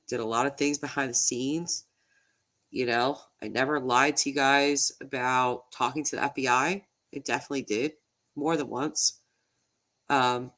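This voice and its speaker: A true crime YouTuber talks casually on a livestream in a very deep, fairly bright voice. She's emotional and halting, repeating words, her voice slightly nasal as she holds back tears.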